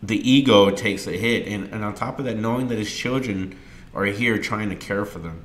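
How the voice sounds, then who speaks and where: A middle-aged man hosting a podcast, telling a candid personal story earnestly and with emotion, getting loud and animated as he tells it. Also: fairly low pitch, moderate pace. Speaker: podcast host.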